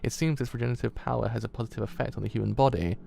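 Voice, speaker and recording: A man's voice: medium pitch, steady tone, very fast, creaky, warm tone. A man with a British accent voicing an earnest male hospital doctor in a formal way. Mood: astonished.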